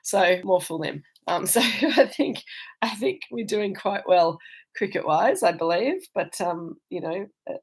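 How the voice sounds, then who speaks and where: A woman's voice: mid-range voice, expressive, measured pace, slightly rough. A woman with an Australian accent hosting a live virtual wine tasting, chatting casually with viewers and rambling with many ums and restarts. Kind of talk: casual chat answering viewer comments. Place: indoors, travelling.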